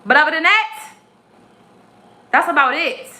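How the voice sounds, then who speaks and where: A woman's voice: sits high, animated, measured pace, sharp tone. A woman tarot reader on a live stream, ranting in an aggressive, profane, preachy way. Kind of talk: live-stream spiritual rant. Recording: echoey room.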